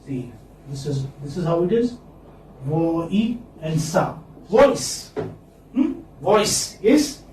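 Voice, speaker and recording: A man with a high voice teaches English sounds to a class, drawing each word out slowly and saying it again and again. He stands some way from the mic in an echoey classroom, with a faint hiss behind him. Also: big pitch swings, a little mellow, far from the mic. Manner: slow, repeats words for students to copy. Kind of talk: classroom lecture.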